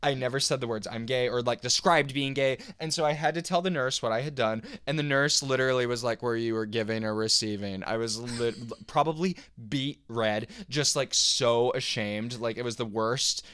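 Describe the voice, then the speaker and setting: A young man co-hosting a podcast, telling a personal story in an animated, halting way with lots of fillers. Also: mid-range voice, no echo, clean studio sound. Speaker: podcast co-host. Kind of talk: casual storytelling chat.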